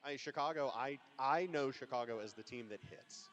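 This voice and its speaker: A man doing live roller derby commentary from an arena on a headset mic, shouting out the big plays. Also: mid-range voice, normal speed, lo-fi sound. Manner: excitable, yells big plays.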